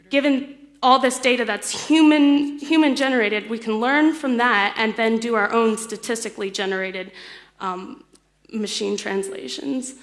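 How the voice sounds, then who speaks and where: A woman's voice: fairly high pitch, fairly bright tone. A young woman giving a technical lecture at a conference, explaining step by step with fillers and light laughs. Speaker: conference speaker. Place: lecture hall.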